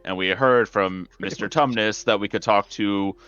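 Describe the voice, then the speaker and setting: Man, player, rambling recap, bright voice, dull sound, faint music. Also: on the low side, smooth, dry recording. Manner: rambling, joking, quick bits of put-on voices. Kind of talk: casual recap of a game session.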